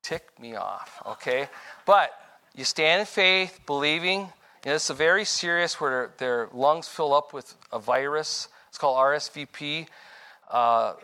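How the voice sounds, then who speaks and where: A man's voice: a little high, measured pace, sharp tone. An older man giving a rambling, informal testimony sermon, correcting himself as he goes and chuckling between points. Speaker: preacher.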